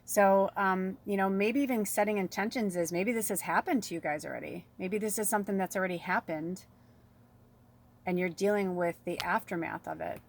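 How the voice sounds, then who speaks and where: A woman's voice: mid-range voice, moderate pace, vocal fry. A woman giving a casual spiritual card reading, rambling and chatty, reading card passages aloud and talking straight to her viewers. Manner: chatty, rambling, addresses viewers as "you guys"; reads card passages aloud, then riffs on them. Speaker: tarot and oracle card reader.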